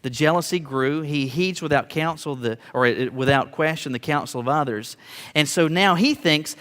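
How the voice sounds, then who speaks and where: A man's voice: on the high side, moderate pace, fairly bright tone. A man preaching a sermon earnestly, with emphatic rising peaks and small stammered restarts. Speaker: pastor. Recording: long hall reverb.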